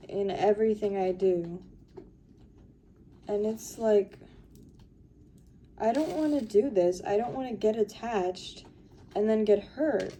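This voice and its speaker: A woman's voice: medium pitch, dark tone, a little hiss or hum. A young woman talking in a casual confessional vlog, rambling with lots of fillers and sounding tired while she sorts through her makeup and purse. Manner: rambling, filler-heavy, weary. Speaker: vlogger.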